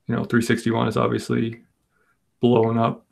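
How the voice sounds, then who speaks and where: A man's voice: medium pitch, monotone, normal speed, creaky. A man hosting a casual live comic book auction, rambling and self-deprecating, joking as he goes. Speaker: comic shop auction host.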